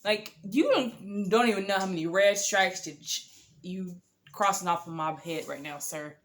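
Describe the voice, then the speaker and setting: A woman's voice: mid-range voice, moderate pace, fairly bright tone, a little hiss or hum. A woman telling a story to camera, casual and candid, swearing freely as she quotes herself and others. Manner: candid, blunt and profane, quoting others in asides; exasperated, rambling storytelling. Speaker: storytime vlogger.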